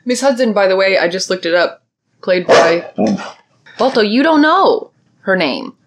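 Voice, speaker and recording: A woman's voice: medium pitch, sing-song. A woman co-hosting a casual podcast, recapping a TV episode and acting out the characters' lines. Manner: chatty, acts out characters' lines in quick voices. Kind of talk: casual chat.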